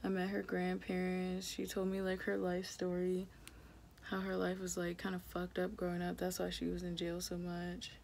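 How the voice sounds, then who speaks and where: A woman's voice: lowish voice, monotone, normal speed, creaky, darkish tone, a little hiss or hum. A young woman vlogger chatting casually while doing her makeup, telling a story with lots of "like" and swearing. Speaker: beauty vlogger.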